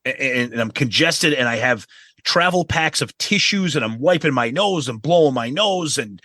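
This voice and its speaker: A man's voice: medium pitch, lively intonation, normal speed, pushed and bright, no echo. A man co-hosting a podcast, telling a travel story in a casual, profane way. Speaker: podcast co-host.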